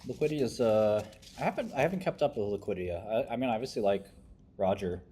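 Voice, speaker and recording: A young man in casual livestream stock commentary, offhand and sardonic, with deadpan asides. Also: lowish voice, fast talker, breathy edge. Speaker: stock-review streamer.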